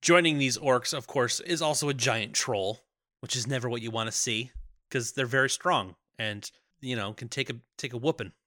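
A man's voice: mid-range voice, moderate pace, bright, forceful tone, dry recording. A man co-hosting a podcast, recapping a movie in a casual chat with dry, wry humor. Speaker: podcast co-host.

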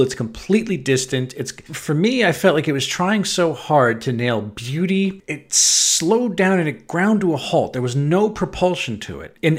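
An American man co-hosting a podcast as a critic, giving blunt, opinionated takes and swearing freely in casual chat. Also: mid-range voice.

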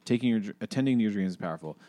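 A man talks in a loose, rambling way, his voice sitting low. He restarts sentences and leans on fillers as he chats with a co-host. The sound is close and dry. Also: lively intonation, very fast, warm tone, no echo. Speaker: podcast co-host. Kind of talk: casual conversation, reading aloud from a book.

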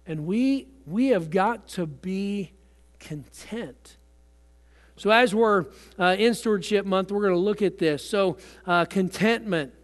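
A man's voice: sits high, a little slow, few pauses, in a large hall. A man preaching a sermon as pastor, talking in a conversational way with fillers and repeated words.

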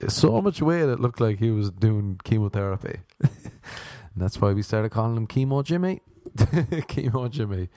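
A man performing a stand-up comedy routine, telling stories deadpan and breaking into animated voices for the people he quotes. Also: on the low side, moderate pace, no room sound, clean studio sound. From Ireland.

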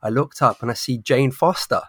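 A man in his thirties hosts a casual podcast chat from his daughter's room at home. He tells stories in an animated way and acts out his own lines. The room sounds dry and close. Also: mid-range voice, normal speed, no echo.

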